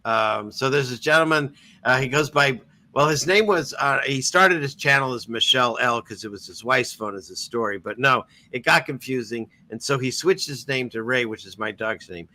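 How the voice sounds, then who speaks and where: A man's voice: medium pitch, moderate pace, hardly any pauses, pushed and bright. A man hosting a casual online talk show, rambling through a story with frequent restarts and easy laughter. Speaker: podcast host. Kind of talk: casual chat.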